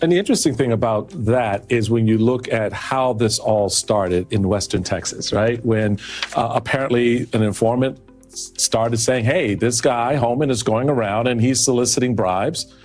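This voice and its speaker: A man's voice: medium pitch, normal speed, darkish tone, faint music behind. A man commentator on a panel, walking through events in a conversational, storytelling way. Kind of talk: panel discussion.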